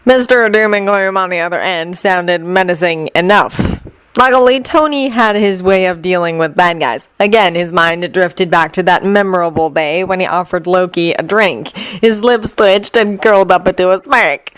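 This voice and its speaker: A woman narrating a fanfiction audiobook in a steady, even reading. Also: lowish voice, normal speed, clean tone, no room sound, rough recording. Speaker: fanfiction reader.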